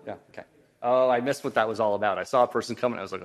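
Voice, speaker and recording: A guest lecturer in a lecture hall speaks very fast in a lowish male voice, giving a public talk and fielding audience questions. He's thoughtful and hedging, restarting often with plenty of "um"s, and his voice strains briefly.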